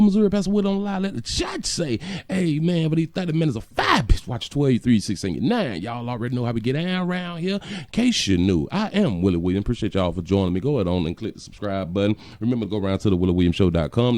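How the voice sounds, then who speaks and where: A man's voice: fairly low pitch, a little mellow, no echo. A man hosting a casual livestream, reading out viewer comments in a playful, slangy way with frequent stammered fillers. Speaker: livestream show host.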